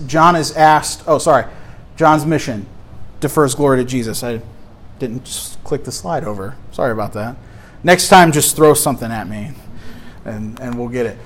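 Man teaching a Bible lesson, slightly high voice. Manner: conversational, emphatic, often restarts phrases.

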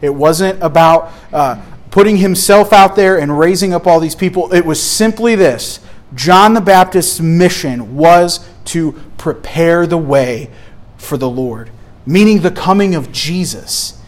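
A man teaching a Bible study lesson from slides, talking in a conversational, emphatic way and often restarting his phrases. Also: sits high.

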